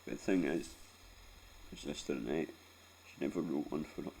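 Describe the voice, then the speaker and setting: Extremely low and gravelly, with a dark tone and a moderate pace, this man's voice comes with a bit of background noise. He's a Scottish vlogger in his forties, rambling through a painful personal story with plenty of swearing, close to tears, and frequently adding "right?".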